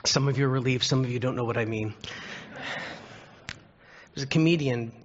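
On a dull lo-fi recording with a little hiss or hum, a pastor with a mid-range voice preaches briskly. His sermon mixes earnest storytelling with rhetorical questions aimed at the congregation.

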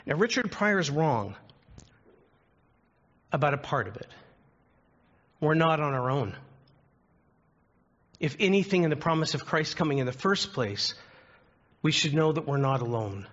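A man's voice: fairly high pitch, very animated, a little slow, pauses often, a bit bright. A man preaching a sermon, telling stories and asking the congregation earnest questions. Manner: earnest storytelling with rhetorical questions. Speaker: pastor. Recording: dull lo-fi recording.

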